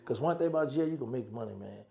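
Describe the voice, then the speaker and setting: Gravelly man. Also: mid-range voice, quick pace. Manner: animated storyteller acting out quoted dialogue. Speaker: guest, former prisoner. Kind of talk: storytelling interview chat.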